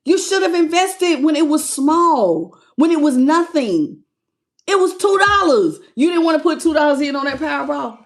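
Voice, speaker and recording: A high-voiced woman with lively intonation and normal speed reads tarot live, greeting viewers in chat by name. Her manner is playful, full of laughter and snatches of song.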